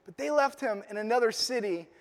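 With a very high-pitched voice and a fairly quick delivery, this male pastor gives a Father's Day sermon. He tells the story playfully, adding joking asides, and a large hall's long reverb surrounds him.

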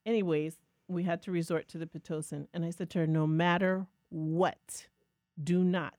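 A woman co-hosting a podcast, telling a lively personal story in a casual, self-mocking way. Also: lowish voice, normal speed, no echo, studio quality. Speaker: podcast co-host.

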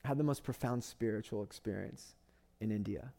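A man's voice: fairly low pitch, brisk, gravelly, dark tone. A man, a pastor preaching a sermon with impassioned storytelling and repeated phrases for emphasis.

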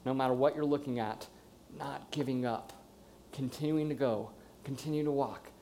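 A man's voice: medium pitch, steady tone, normal speed, warm tone, a little hiss or hum. A man, around his thirties or forties, telling a candid personal story in a conversational way, acting out what people said and what he thought. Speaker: speaker sharing a personal story. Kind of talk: personal testimony talk.

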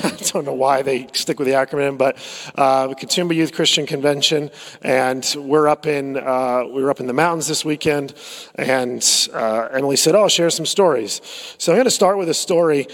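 A man's voice: mid-range voice, fairly bright tone. A man preaching a sermon, conversational and full of stories, with frequent fillers and repeated words. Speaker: pastor. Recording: long hall reverb.

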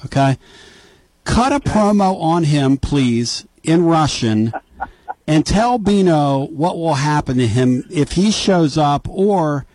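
A man hosting a radio interview, brash and joking, quick to banter with his guest. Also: medium pitch, a little mellow, no echo, low-quality recording. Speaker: radio host.

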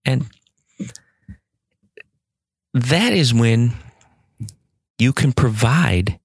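A man hosting a podcast, telling a story and giving mindfulness advice in a gentle, reflective way. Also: mid-range voice, expressive, drawn-out words, vocal fry, husky, dry recording, studio quality. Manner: gentle and reflective, with soft hesitations. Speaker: podcast host.

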